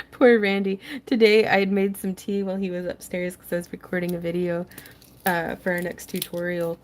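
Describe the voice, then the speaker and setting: A woman's voice: fairly low pitch, little pitch movement, normal speed. A young woman hosting a casual craft tutorial livestream, chatting, laughing often and reading viewer comments aloud as she works.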